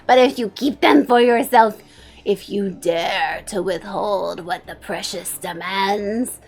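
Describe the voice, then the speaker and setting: A woman voicing a scheming male Gollum-like bishop, who preaches a sermon in a drawn-out, hissing, wheedling way. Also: medium pitch, gravelly. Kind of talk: fire-and-brimstone sermon role-play.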